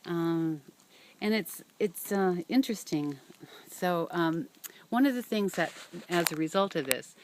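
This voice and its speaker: An older woman with a slightly low voice tells a personal story at her own pace. She is reflective and hesitant, filling pauses with ums and restarting her sentences as she thinks aloud. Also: a little hiss or hum. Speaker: vlogger and cat rescuer.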